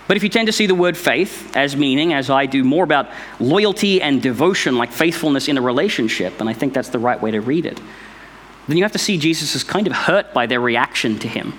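A man's voice: on the high side, fairly bright tone, slight background noise. A man giving an informal Bible study, explaining step by step in a thoughtful, conversational way. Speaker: Bible teacher.

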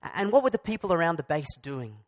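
A man preaching a sermon in a fairly high voice. He keeps it conversational, breaking off for asides and restarting sentences as he talks things through. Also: big pitch swings, fast talker. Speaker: pastor.

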